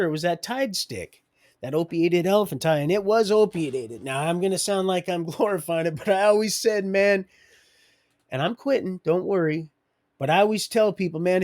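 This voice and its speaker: A middle-aged man telling his own life story on a live stream, digressive and loose, chuckling as he goes. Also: fairly high pitch. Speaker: livestream storyteller. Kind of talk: rambling personal storytelling.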